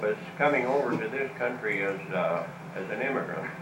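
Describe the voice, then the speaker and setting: A man telling jokes to his family in a slow, halting way full of uh's and repeats, caught on a home video. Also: fairly low pitch, distant mic, noisy background. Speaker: family joke teller. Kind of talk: casual joke telling. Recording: roomy home video from afar.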